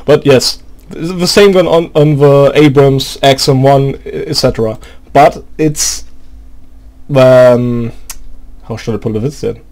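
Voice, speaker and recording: A man's voice: mid-range voice, takes it slowly, a little mellow. A man with a German accent, speaking English as a second language, delivers a profane, exasperated, sarcastic rant about a game. He often halts and hunts for English words. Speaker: gaming video creator. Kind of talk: angry gaming rant.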